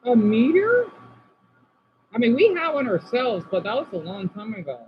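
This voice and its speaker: Reading viewers' comments out loud and responding to them, an Arizona man runs a laid-back stream that shifts from quiet talk to excited bursts. His very high-pitched voice moves at a moderate pace, with the highs cut off and a little hiss or hum in the recording.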